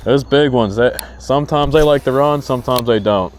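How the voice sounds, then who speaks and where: Excited man fishing on a river. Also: mid-range voice, moderate pace, a little hiss or hum. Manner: excited, talks to the fish. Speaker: fishing vlogger. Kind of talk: casual narration while fishing. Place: outdoors on a river boat.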